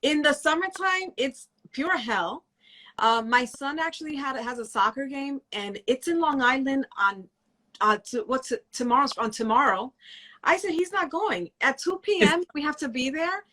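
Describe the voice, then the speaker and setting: Woman guest, fairly high, bright voice, relaxed and halting. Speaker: guest, microblading educator. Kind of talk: casual chat.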